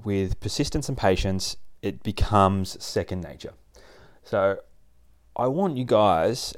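A man's voice: sits low, darkish tone. A man hosting a casual advice podcast on dog training, talking things through step by step with a few restarts. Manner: chatty, explains step by step with restarts.

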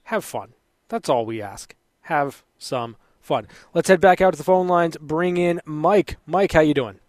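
An upbeat male sports radio host running a call-in postgame show. His voice sits a touch high and sounds dry, close to a studio mic. He greets each caller briskly. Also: no room sound. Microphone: broadcast mic.

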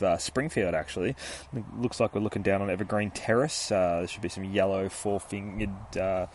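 A man in his thirties with a lowish voice hosts a casual comic book podcast. He rambles off on tangents, swears freely and fills gaps with ums and uhs. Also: slight background noise. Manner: rambling and sweary, with many fillers. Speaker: podcast host.

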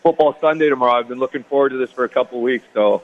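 A relaxed man in his thirties chatting as a guest, easygoing and meandering, leaning on fillers as he tells his stories. His voice sits at an ordinary middle pitch. It comes through a dull, lo-fi remote line. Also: racing. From Canada. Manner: easygoing, rambling with many fillers. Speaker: guest athlete. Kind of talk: casual interview chat.

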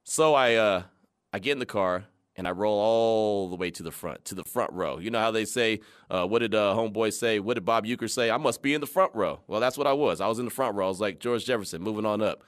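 A man hosting a radio show, telling a story in a casual, animated way, laughing and acting out the people he quotes. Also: on the low side, fast. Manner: animated, laughing, retells scenes in quoted voices.

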